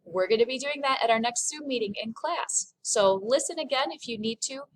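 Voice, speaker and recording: A woman's voice: a little high, animated, a little fast, slight background noise, poor audio. A woman French teacher giving a recorded online lesson, explaining pronunciation patiently and step by step.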